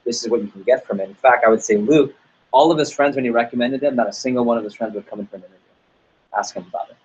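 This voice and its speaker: A man's voice: medium pitch, very fast, darkish tone, husky, muffled recording. A man leading a sales team training talk, upbeat and motivational, acting out little dialogues as he goes. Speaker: sales office manager.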